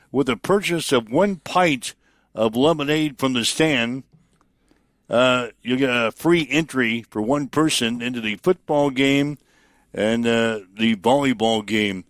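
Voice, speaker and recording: A man's voice: mid-range voice, fairly bright tone, no room sound. Dry-sounding male sports talk host. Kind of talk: sports talk show and read announcements.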